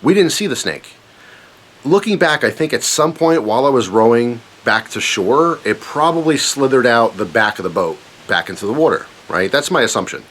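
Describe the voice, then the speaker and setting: A man casually telling a personal story on his channel, animated and self-mocking, rambling with fillers. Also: mid-range voice, normal speed. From Pennsylvania, USA.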